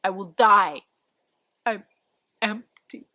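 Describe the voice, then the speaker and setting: A woman's voice: medium pitch, slow pace, bright, forceful tone, no room sound. A woman voicing a despairing man in a spoken folk tale, talking in anguished, pleading outbursts. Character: despairing man who feels empty and lacking.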